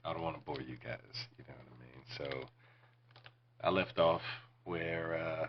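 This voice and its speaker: A man's voice: a bass voice, moderate pace, dull audio, slight background noise. A man in his forties hosting a podcast, telling casual, profane stories in a laid-back way and sometimes dropping to near-whispers. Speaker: podcast host. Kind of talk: casual storytelling.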